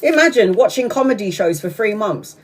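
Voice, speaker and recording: A woman's voice: medium pitch, fairly quick, a little hiss or hum. A woman tarot reader hosting a live stream, chatting casually, telling a story bluntly with lots of swearing and frequent laughter. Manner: profane, blunt, animated storyteller; laughs often while talking.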